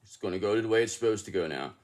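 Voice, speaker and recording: A man's voice: lowish voice, animated, racing, a little mellow. Rambling, emphatic man reading tarot. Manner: rambling and emphatic, with frequent restarts and swearing. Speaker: tarot reader. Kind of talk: casual spoken tarot reading.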